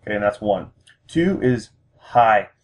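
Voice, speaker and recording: Husky-voiced man teaching a language. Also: lowish voice, expressive, unhurried. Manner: patient, with frequent fillers and restarts. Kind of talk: instructional lesson.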